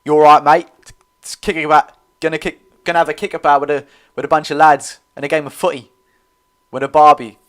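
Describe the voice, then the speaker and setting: A man voicing a cheery, stereotyped Australian bloke in a loud, broad mock Australian accent. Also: fairly high pitch, flat delivery, fairly quick, close to an everyday voice. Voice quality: loud, broad mocking drawl.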